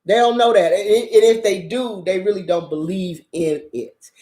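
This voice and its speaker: A woman's voice: mid-range voice, moderate pace, roomy sound. A woman hosting her channel, telling stories in a casual monologue, swearing freely and laughing often. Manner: profane, animated storytelling with frequent laughter. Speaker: channel host.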